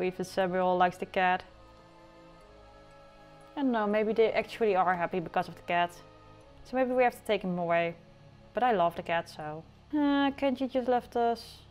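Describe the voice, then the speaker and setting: A woman casually narrating her life simulation gameplay in a chatty, teasing way, with playful outbursts. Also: mid-range voice. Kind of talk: casual game commentary. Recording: faint music behind.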